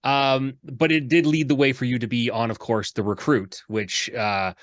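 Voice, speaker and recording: A man's voice: medium pitch, fairly even intonation, normal speed, fairly bright tone, dry recording. Male co-host from Canada, mock-indignant banter, dry close sound. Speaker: podcast co-host. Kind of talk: casual chat.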